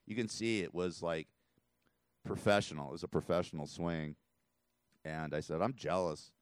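A man's voice: deep voice, normal speed, smooth, no echo. A man hosting a talk radio show, rambling and emotional in a casual monologue, often laughing, from a studio mic.

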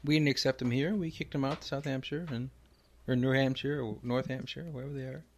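A man voicing a deadpan, clannish male loon, tagging his lines with "eh?" in an improvised comedy interview. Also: medium pitch, quick pace, slight background noise, natural voice.

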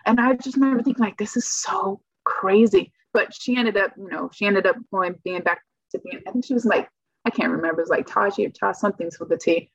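Her mid-range voice is creaky with a breathy edge, and she talks quickly as she shares her own experience in a chatty interview. A young adult, she keeps performing her reactions along the way. The dull, lo-fi recording is dry, without room sound.

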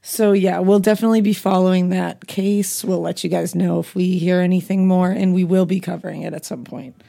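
A woman co-hosting a casual true-crime podcast, hoarse, with vocal fry, chatty and given to swearing. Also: fairly low pitch, little pitch movement, a little fast, warm tone. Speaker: podcast co-host.

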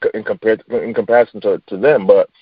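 A fairly low-voiced man talking in loose, rambling podcast chat. He circles his point with fillers and restarts and laughs easily. The recording is dry and somewhat dull, with a lo-fi edge. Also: steady tone, fast talker, dry recording. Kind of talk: casual chat.

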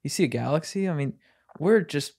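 A man's voice: a little high, expressive, fairly quick, gravelly, a little mellow, husky. A man chatting on a casual podcast, enthusiastic and rambling, often restarting sentences.

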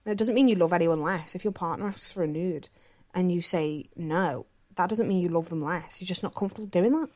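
A woman co-hosting a casual podcast chat. She speaks in a slightly low voice and answers listener questions bluntly. She swears freely and fills her sentences with "like" and "um". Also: a little fast. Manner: frank and sweary, many fillers like "like" and "um".

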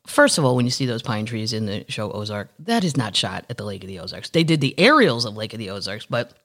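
Chatty Missouri woman with lively voice. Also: low-pitched. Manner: chatty, joking, reads news aloud. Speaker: podcast host. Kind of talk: casual podcast chat.

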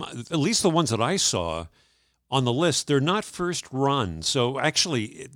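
A man co-hosting a morning radio show, talking in loose, laughing banter full of "uh"s. His pitch swings widely as he talks. The studio sound is close and dry. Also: very animated, unhurried, a bit bright, no room sound. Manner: chatty, laughs often, lots of uh fillers. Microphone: studio mic.

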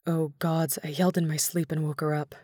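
Woman reading as troubled male underworld god, breathy and subdued, lowish voice, dry sound. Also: flat delivery, fairly quick, mellow, dry recording. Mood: troubled whisper. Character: huge troubled male god of the dead, tender.

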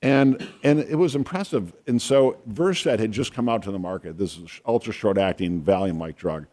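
A man co-hosting a talk show, chatting casually and telling a funny anecdote with deadpan humor. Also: on the low side, normal speed. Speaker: podcast co-host, doctor. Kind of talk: casual chat, storytelling.

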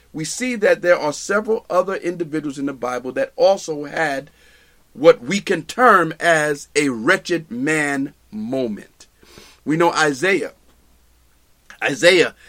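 A man's voice: fairly high pitch, sharp tone. A man preaching a sermon, emphatic and repeating his phrases for stress.

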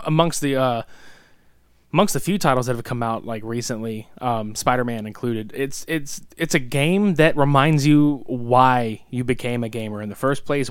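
A man's voice: mid-range voice, clean tone, no room sound, studio quality. A young man co-hosting a casual gaming podcast, laid-back and profane, laughing often. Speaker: podcast co-host.

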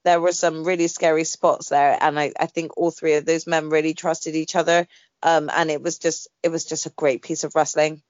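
A woman's voice: low voice, moderate pace, no room sound, lo-fi sound. A woman co-hosting a podcast, chatting casually and filling her talk with "like" and "you know". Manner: chatty, hedging with "like" and "you know", swears when excited. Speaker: podcast co-host. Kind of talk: casual wrestling chat.

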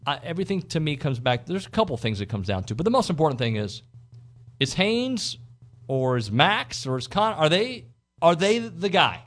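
A man's voice: fairly high pitch, sing-song, normal speed. A man hosting a sports talk radio show, giving strong opinions in a rambling way, with fillers and restarts.

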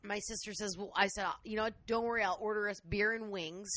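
A woman co-hosting a casual chat, telling a crude, outraged story in an animated way. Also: mid-range voice, fast.

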